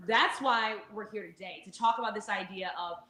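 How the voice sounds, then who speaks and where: A woman co-hosts an online event, lively and quick to affirm. Her voice sits in an echoey room on a video call. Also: mid-range voice. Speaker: co-host.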